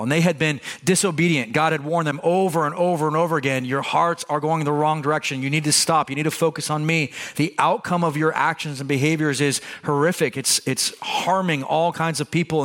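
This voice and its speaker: A man preaching from the pulpit, his voice sitting somewhat higher than most men's. He talks through the passage in a conversational way, circling back with restarts and doubled words as he makes his point to the congregation. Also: fairly even intonation, a little fast, a bit bright. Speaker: pastor. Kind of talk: sermon.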